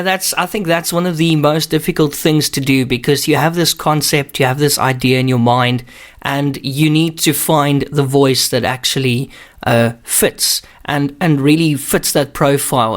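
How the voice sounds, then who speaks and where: A man with a South African accent hosting a casual radio interview, chatty and quick, often laughing. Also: a little high. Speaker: radio host.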